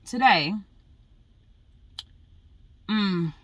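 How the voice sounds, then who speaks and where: A woman's voice: medium pitch, expressive, very slow, fairly bright tone, no echo. A young pregnant woman chatting casually to her vlog viewers, saying "y'all" and running through her busy day. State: out of breath. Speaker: vlogger.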